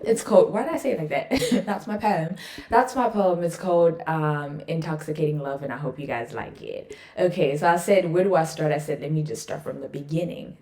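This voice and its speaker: A woman's voice: low voice, normal speed, mellow, roomy sound. A young woman hosting her own podcast, chatting playfully and reading her poem aloud. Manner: chatty, playful, self-mocking. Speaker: podcast host. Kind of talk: casual podcast chat and poetry reading.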